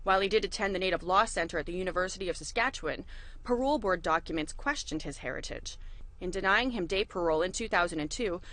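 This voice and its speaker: A woman investigative reporter reading scripted news narration in a measured, matter-of-fact way. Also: lowish voice, a bit bright.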